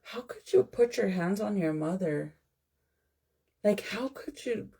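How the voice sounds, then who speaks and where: A woman's voice: mid-range voice, animated, slow pace, gravelly, dark tone, breathy edge. A woman reacting to a video in casual commentary, blunt and fired up, swearing freely. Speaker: content creator reacting to a clip.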